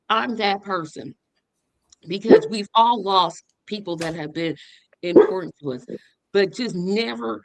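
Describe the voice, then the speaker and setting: A woman's voice: mid-range voice, fairly bright tone, dry recording, poor audio. A woman giving an earnest, faith-filled memorial tribute over a video call, with a touch of humor. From living in Indianapolis. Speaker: memorial speaker.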